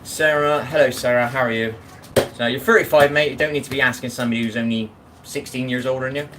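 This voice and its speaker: Speaking fast with fairly even intonation, a medium-pitched male streamer chats bluntly with viewers while he washes up. He often asks if you know what he means, and there's noise in the background.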